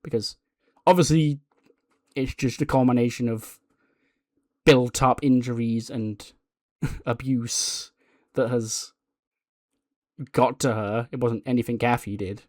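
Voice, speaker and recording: A man's voice: mid-range voice, steady tone, slow pace, long pauses, darkish tone, no echo, studio quality. A man casually narrating a game playthrough in a rambling way, laughing often. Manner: rambling, laughing, lots of fillers. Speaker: game streamer.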